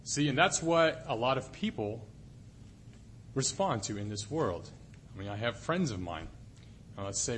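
Lively, conversational male preacher. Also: lowish voice, moderate pace, pauses often, a little hiss or hum. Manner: conversational, asks the audience questions. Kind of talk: sermon.

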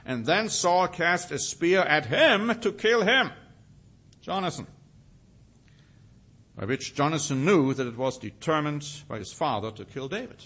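A man's voice: on the high side, expressive, normal speed, a bit bright, breathy edge. Man preaching a Bible sermon. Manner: reads scripture aloud with rising emphasis, then comments.

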